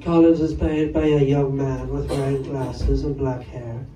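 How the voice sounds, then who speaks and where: A man's voice: medium pitch, level tone, a little slow, warm tone. A man doing a stand-up set on a comedy club stage, chatting wryly with the crowd between jokes. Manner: rambling, wry, chatty with the audience. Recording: roomy live club sound from far off. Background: audience laughter.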